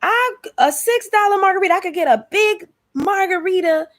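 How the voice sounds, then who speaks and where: A woman's voice: animated, normal speed. A woman imitating a young party-loving woman who is exclaiming in disbelief at city prices. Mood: exasperated. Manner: high, exclaiming, exaggerated disbelief.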